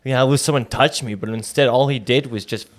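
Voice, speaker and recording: A man's voice: medium pitch, a little fast. A young man telling a rambling, profane, jokey story in casual chat.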